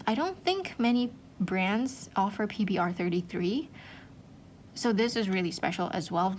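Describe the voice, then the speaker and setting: A woman's voice: medium pitch, slight background noise. Gushing, chatty woman vlogger. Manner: chatty, gushing, many "like" and "um" fillers. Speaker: art channel host. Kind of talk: casual vlog chat.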